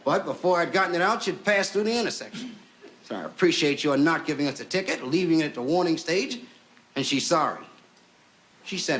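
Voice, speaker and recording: A man performing a stand-up comedy story, acting out the people in it with lively voices. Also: a little high, a little fast. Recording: noisy old television recording.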